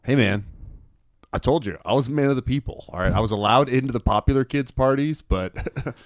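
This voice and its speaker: A young man co-hosting a podcast, chatting casually and telling an animated story, quoting people in put-on voices and laughing often. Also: medium pitch, quick pace, no room sound, studio quality. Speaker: podcast co-host.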